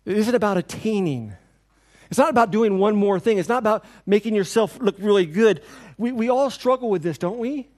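A pastor preaching a sermon in a church, with an earnest, repetitive cadence. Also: male voice, sits high, lively intonation, fairly quick, darkish tone.

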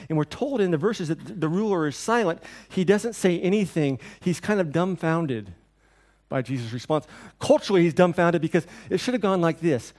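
A middle-aged pastor gives a loose, conversational sermon at a brisk pace, his voice a little higher than most men's. He's animated and acts out the people he quotes, then grows quiet and soft when the passage turns tender.

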